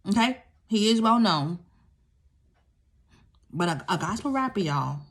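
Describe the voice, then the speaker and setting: This young woman's medium-pitched voice is expressive and unhurried as she tells listeners about surviving domestic violence. She is open and emphatic, circling back to key phrases and speaking right to them.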